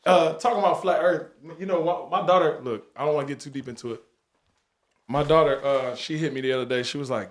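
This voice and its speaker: A man hosts a podcast in a relaxed, joking way, hyping up his guest like an announcer and sinking his voice low when he wants emphasis. His voice sits a little high for a man. The room around him rings with noticeable echo. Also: fast. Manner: playful, hype announcer delivery that drops low for emphasis. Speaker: podcast host. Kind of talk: casual podcast chat. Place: recording studio in Atlanta.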